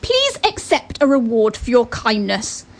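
A woman's voice: on the high side, wildly swooping pitch, a little slow, full character voice. A woman voicing a grateful, wealthy nobleman who insists on a reward. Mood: gracious. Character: wealthy grateful nobleman, well-dressed gentleman.

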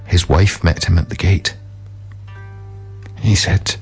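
Deep-voiced man reading a folk tale. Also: steady tone, slow, vocal fry, husky, soft background music. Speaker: storyteller. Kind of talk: scripted narration of a folk tale.

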